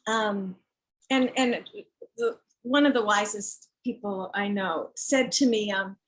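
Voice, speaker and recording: On a rough recording, a woman with a mid-range voice speaks slowly. An author, she candidly and forcefully discusses her children's book, imitates other people's lines, and lets a swear word slip when worked up.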